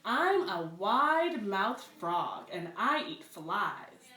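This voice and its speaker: A woman voicing a boastful male wide-mouthed frog for a storybook read-aloud, announcing himself loudly and proudly. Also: medium pitch, sing-song, drawn-out words, recorded from a distance, full character voice. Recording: roomy echo, away from the mic.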